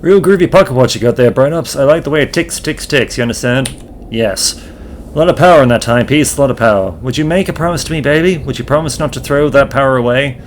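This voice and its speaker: A man voicing a smooth-talking groovy hipster who calls people baby in a video game. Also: medium pitch, quick pace, a little hiss or hum, close to an everyday voice. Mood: smooth, coaxing.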